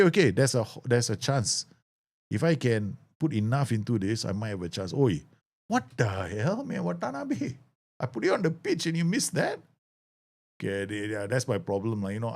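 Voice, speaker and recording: Animated gravelly streamer with lilt. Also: male voice, mid-range voice. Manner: chatty, laughs often, excitable outbursts. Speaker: gaming streamer. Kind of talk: casual live game commentary.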